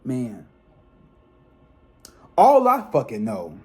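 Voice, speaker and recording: A man's voice: medium pitch, measured pace, long pauses, husky. Man ranting animatedly to his viewers. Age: 30s. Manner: animated, emphatic ranting with frequent profanity; chatty, addresses viewers directly as y'all. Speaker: psychic tarot reader and channel host. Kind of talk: casual vlog talk to viewers.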